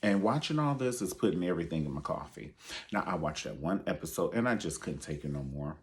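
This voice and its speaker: Sassy, profane man with a low voice. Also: very animated, quick pace. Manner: sassy, profane, keeps calling listeners honey. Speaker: online show host. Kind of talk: casual pop-culture commentary.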